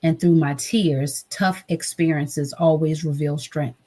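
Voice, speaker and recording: Husky low-voiced woman telling her story. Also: fairly even intonation, measured pace, warm tone. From United States. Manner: earnest, acts out quoted voices. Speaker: guest, trauma advocate. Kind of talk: emotional personal storytelling.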